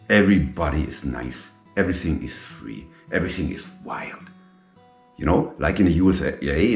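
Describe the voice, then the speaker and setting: A middle-aged man, a native German speaker, telling his own story slowly and emphatically in English, repeating himself and dropping in French military terms. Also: extremely low pitch, vocal fry. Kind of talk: personal storytelling monologue. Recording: echoey room with faint guitar music.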